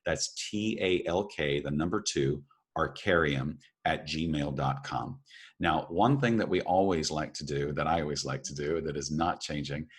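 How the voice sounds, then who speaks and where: Man, extremely deep voice, earnest, encouraging, podcast co-host, reflective talk. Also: normal speed, slightly rough. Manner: earnest, encouraging, repeats phrases for emphasis.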